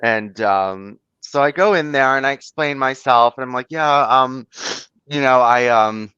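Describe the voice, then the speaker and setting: A man's voice: mid-range voice, measured pace, sharp tone, smooth, no echo. A man talking casually as a host, telling a story in rambling fashion, full of "like" and "you know" and free swearing. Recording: dull, muffled lo-fi audio.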